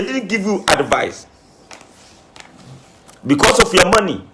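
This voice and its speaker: Here the self-styled spiritualist, who says he's crying, lectures the camera with fervent, repetitive scolding. His high voice is very animated, the pace is slow with frequent pauses, and the recording is very noisy.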